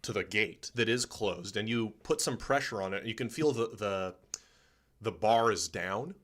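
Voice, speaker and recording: Low-voiced man running a tabletop game. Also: a little slow, a bit bright. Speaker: game master.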